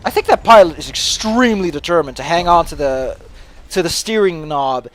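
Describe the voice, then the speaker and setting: A man's voice: on the high side, animated, normal speed, a bit bright, slight background noise. A man giving casual gameplay commentary, launching into a mock-angry, swear-heavy rant and then sheepishly apologizing. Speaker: let's play commentator.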